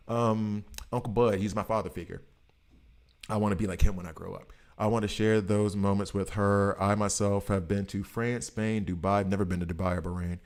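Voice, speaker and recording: A fairly low, steady voice moves briskly as an American man in his late thirties chats with viewers on a live stream. His talk is loose, slangy, and rambling.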